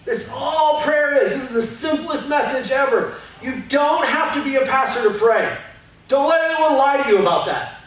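A man's voice: very high voice, lively intonation, moderate pace, a bit bright. A man preaching a casual, conversational sermon as a pastor in a church auditorium, candid and self-deprecating with lots of fillers. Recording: very echoey hall, voice from far off, faint noise.

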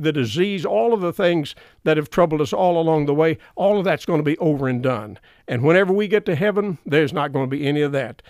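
A man's voice: on the high side, no room sound, studio quality. A middle-aged man preaching a sermon earnestly, with emphatic repetition of key phrases.

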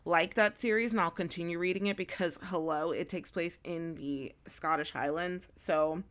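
Bright-voiced chatty woman. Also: on the low side, moderate pace. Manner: chatty, rambling, many fillers and restarts. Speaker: podcast co-host. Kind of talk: casual book chat.

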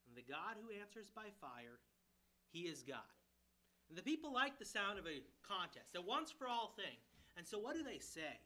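A man's voice: high-pitched, moderate pace. A man preaching a sermon as a pastoral candidate, retelling a scripture story with humor and acted-out quotes. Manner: animated storytelling, voicing characters with humor. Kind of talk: expository sermon.

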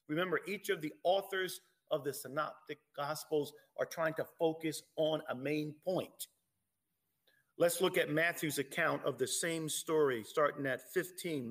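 A man's voice: on the high side, a bit bright. A man preaching a sermon, reading scripture aloud and pressing his point with emphatic rhetorical questions.

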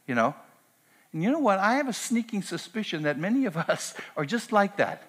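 A man preaching a sermon, moving from a quiet prayer into earnest, emphatic preaching with repeated phrases. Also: sits high, big pitch swings, a little fast, breathy edge. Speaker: pastor.

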